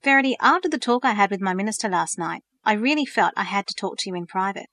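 A woman's voice: medium pitch, expressive, fast talker, fairly bright tone, no echo. A woman voicing a teasing teenage boy who turns hesitant and stammering when serious, in a storybook reading. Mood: nervous.

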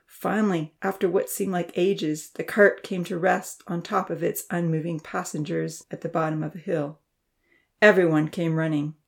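A woman narrating a children's storybook in an expressive, lively reading voice. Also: on the low side, normal speed, gravelly.

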